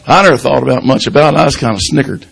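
Gravelly preacher, folksy. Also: male voice, medium pitch, racing, poor audio. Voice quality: gravelly, husky. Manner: folksy, breaks in with hallelujahs, swings from loud to hushed. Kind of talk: informal country sermon.

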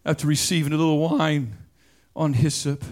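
A man preaching a sermon at a church service, fervent and swelling into shouted, chanted cadences. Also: fairly high pitch, fairly even intonation, normal speed.

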